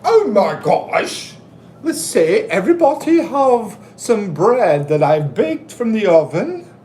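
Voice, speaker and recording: A doting elderly nanny lady, voiced by a man in falsetto, speaking slowly and fussily as she offers food around. The voice sits well above a man's own range and drawls each phrase. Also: big pitch swings, a little mellow, slight background noise, heavily acted. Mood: fussy. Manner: high, slow, fussy motherly falsetto. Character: kindly elderly Scottish-style nanny lady from film.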